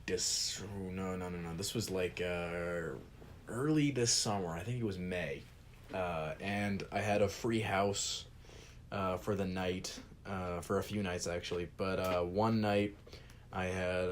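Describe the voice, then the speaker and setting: A man's voice: low voice, slight background noise. A young man hosting a podcast, telling a rambling, profane story in a casual way. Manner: rambling, swears freely, speeds up when excited. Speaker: podcast host.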